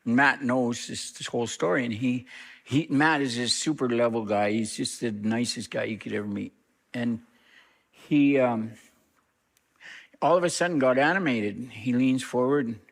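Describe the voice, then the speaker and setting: A middle-aged reverend, a man, telling a story in an interview, lively and acting out what others said. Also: measured pace, vocal fry. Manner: animated storyteller, acts out quoted speech with big pitch jumps.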